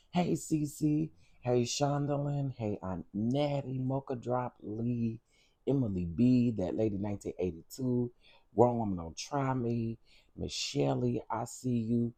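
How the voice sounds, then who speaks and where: A man's voice: mid-range voice, unhurried, gravelly, warm tone. A man hosting a casual livestream, greeting viewers by name and repeating his phrases. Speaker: livestream host.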